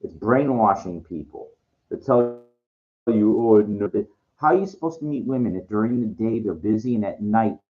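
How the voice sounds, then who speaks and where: Frustrated low-voiced man rambling on. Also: lively intonation, normal speed, darkish tone, lo-fi sound. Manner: rambling, repetitive, frustrated, many restarts. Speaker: vlogger. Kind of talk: rambling monologue vlog.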